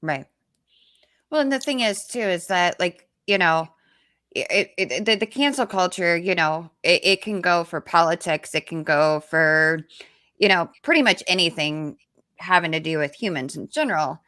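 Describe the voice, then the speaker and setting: A woman's voice: lowish voice, moderate pace, bright, forceful tone. A woman co-hosting a casual discussion, agreeing often and filling her points with "like" and "you know". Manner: agreeable, frequent affirmations, filler "like, you know". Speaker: co-host.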